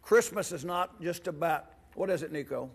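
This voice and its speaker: A man's voice: on the high side, normal speed, vocal fry, husky. A man serving as pastor gives a playful children's sermon in a church. He asks the kids many questions and reads a storybook aloud. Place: church sanctuary.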